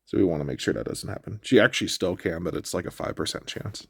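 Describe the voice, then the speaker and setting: Stuffy-nosed man, low gravelly voice, casual game walkthrough commentary, dry close mic. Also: fast, dry recording. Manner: relaxed, explanatory, with frequent fillers. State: stuffy nose. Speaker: gameplay commentator.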